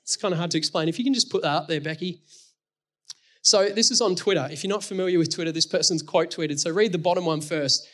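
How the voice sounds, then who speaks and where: A man's voice: fairly high pitch, quick pace, fairly bright tone. A man preaching a sermon, earnest and explaining his points through everyday stories and scripture.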